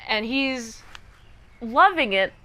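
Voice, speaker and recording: High, bright young woman recapping. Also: takes it slowly. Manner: animated storytelling that acts out the characters. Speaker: reviewer. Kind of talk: casual episode recap.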